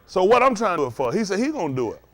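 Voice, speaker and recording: A man's voice: sits high, big pitch swings, racing. A man preaching a loose, conversational sermon, chuckling often and asking the congregation to agree. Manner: chuckling, asks the congregation "ain't that right?".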